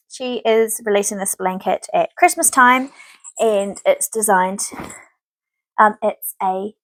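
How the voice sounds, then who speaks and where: A woman's voice: medium pitch, no room sound. A woman in her thirties hosting a knitting podcast, chatting casually and rambling with many filler words. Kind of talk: casual chat to camera.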